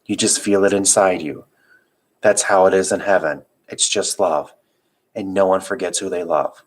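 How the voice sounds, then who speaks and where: A man voicing a tired, gentle mother who speaks in a hushed, slow way while reading a storybook aloud. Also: low voice, fairly even intonation. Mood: soothing. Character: tired, gentle mother soothing her child.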